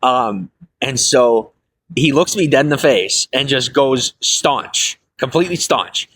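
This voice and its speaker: A man in his thirties talks to his livestream viewers in a loose, rambling way. His voice is bright and forceful at a middling pitch, full of fillers and restarts. When a memory excites him, he laughs it off and his voice shoots up. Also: slow pace, breathy edge. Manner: rambling, with frequent fillers and self-corrections. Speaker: streamer telling his life story. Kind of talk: casual livestream monologue.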